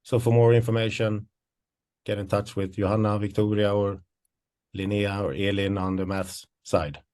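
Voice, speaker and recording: A man with a fairly low voice presents university programmes in an online webinar. He sounds a little winded and explains in a hesitant, searching way. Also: little pitch movement, moderate pace, a little mellow. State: out of breath. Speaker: associate professor presenting programmes.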